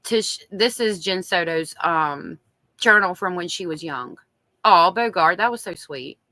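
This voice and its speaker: A woman's lowish voice carries lively intonation and a sharp tone, delivered unhurriedly with no echo. Her strong Southern accent frames a true crime live stream where she reads diary entries aloud and talks with viewers between them. Chatty in manner, she moves from reading to reacting to chat.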